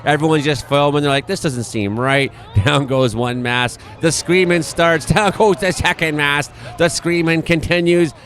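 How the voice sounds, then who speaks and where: A man's voice: fairly high pitch, steady tone, normal speed, hardly any pauses, a bit bright. A man in his forties, hosting an irreverent comedic news commentary with chuckles and swearing. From Canada. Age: 40s. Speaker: host.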